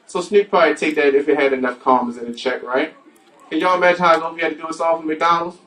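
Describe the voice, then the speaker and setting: A man's voice: fairly high pitch, fast, a bit bright. A man doing a stand-up comedy set on a club stage, crude and playful with the audience. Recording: distant mic with music behind.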